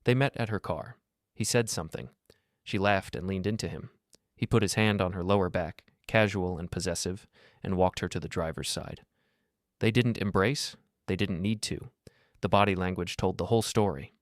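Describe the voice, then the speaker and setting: A man tells a first-person story in a calm, measured voice that sits very low. The recording is dry and close, with no room sound at all. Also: dry recording. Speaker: narrator.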